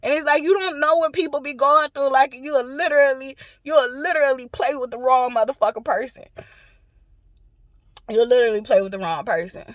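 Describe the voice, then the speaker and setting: A woman's voice: high voice, fairly quick, no room sound. A woman venting bluntly and profanely to her phone camera from a parked car, laughing often between lines. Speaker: vlogger. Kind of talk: casual rant to camera.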